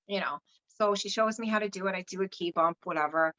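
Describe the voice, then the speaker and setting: Bright-voiced woman telling a candid story. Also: medium pitch, quick pace, lo-fi sound. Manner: frank and unfiltered, swears freely, acts out quoted dialogue. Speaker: podcast guest.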